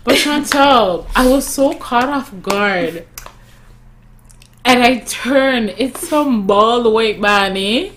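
A young woman, stoned, chatting on a podcast in a lazy, drawn-out way. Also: on the high side, lively intonation, a bit bright, a little hiss or hum. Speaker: podcast co-host. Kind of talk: casual chat.

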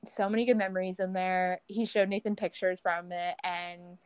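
A young woman co-hosting a podcast, chatting casually and telling an animated story, acting out quoted people with big pitch jumps. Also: moderate pace, smooth, dry recording, rough recording. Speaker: podcast co-host. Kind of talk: casual chat.

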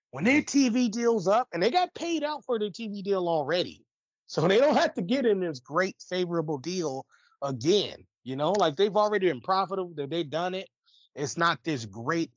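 A man co-hosts a podcast, his high voice carrying rambling, animated rants full of swearing and restarts in casual conversation. The audio is dull, with no room sound.

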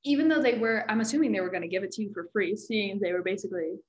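A woman's voice: medium pitch, dull audio. Reactive woman podcast co-host. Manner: reactive, quick interjections and jokes. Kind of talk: casual chat.

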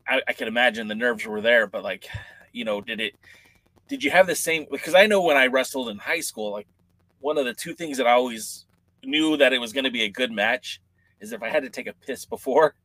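A man hosting a podcast, asking rambling, halting questions in a casual chat. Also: mid-range voice, bright, forceful tone, dry recording, rough recording. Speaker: podcast host. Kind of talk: casual interview.

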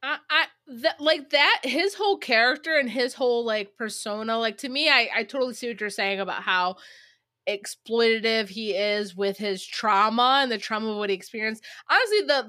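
A woman talks about a film in a casual, enthusiastic way, with the odd swear word. Her voice is a little high and bright, and the recording is dry and close. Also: dry recording. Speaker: podcast co-host, film reviewer. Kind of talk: casual chat.

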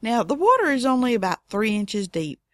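A middle-aged woman telling a funny personal story in a casual way, with wry deadpan asides. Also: on the high side, normal speed, no room sound, clean studio sound.

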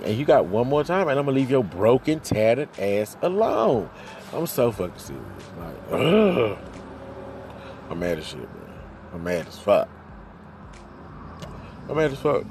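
A man venting in a heated, profane monologue, jumping loud and high then sinking low, recorded on a phone. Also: big pitch swings, normal speed, a little hiss or hum. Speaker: vlogger ranting to camera.

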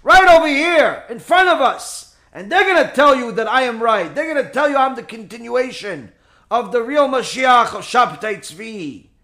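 A man's voice: very high voice, animated, normal speed, bright, forceful tone, heavily acted. A man voicing a scheming, boastful false messiah who taunts his listeners, within a story told in a sermon.

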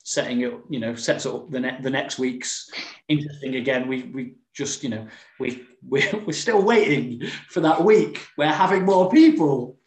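A man's voice: mid-range voice, moderate pace. A man chats casually as a podcast co-host, rambling and restarting his sentences. His voice sits in the middle of the range. The room around him is echoey. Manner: rambling, frequent restarts and fillers. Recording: roomy echo.

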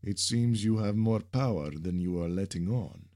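A man voicing a powerful masked villain who gloats over a captured boy, with a deep, commanding voice and slow, deliberate delivery. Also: a little mellow, slightly rough, full character voice. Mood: intrigued. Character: menacing masked man, powerful slaver leader.

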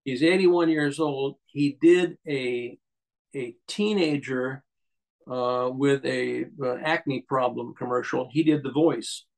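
A man's voice: medium pitch, slow pace, gravelly, poor audio. A man, a guest on an interview show, telling rambling anecdotes with many restarts and fillers. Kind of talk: casual storytelling interview.

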